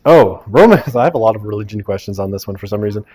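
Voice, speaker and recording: A man's voice: lowish voice, animated, fast talker, darkish tone, breathy edge. A man teaching a university sociology class, reading quiz questions aloud and joking with his students. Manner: joking asides, teasing students. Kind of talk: lecture running a class quiz. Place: lecture classroom.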